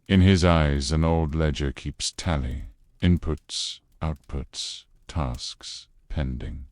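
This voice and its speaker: A man calmly narrating a scripted bedtime history story in a low, unhurried way. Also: dry recording, studio quality. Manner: low, calm, unhurried delivery.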